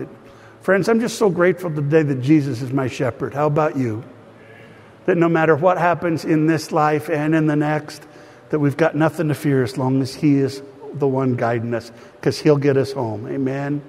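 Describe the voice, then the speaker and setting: Male pastor, fairly high voice, earnest sermon and prayer, long church-hall reverb. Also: moderate pace, a little mellow. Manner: earnest, addresses congregation directly. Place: church sanctuary.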